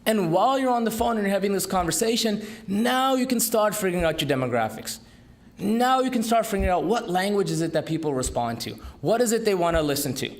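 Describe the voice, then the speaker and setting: A man giving a business talk to an audience, with an emphatic, lively delivery and rhetorical questions. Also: high-pitched, fast talker. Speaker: entrepreneur speaker. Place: conference room.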